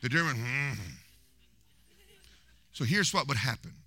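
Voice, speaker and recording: A man preaching a sermon in a church, telling history as an animated, humorous story and mimicking voices. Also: fairly high pitch, normal speed, no echo.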